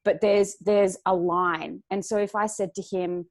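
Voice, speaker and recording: A woman's voice: mid-range voice, fairly even intonation, measured pace. A woman guest on a podcast, talking earnestly and reflectively with frequent restarts. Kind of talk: casual chat.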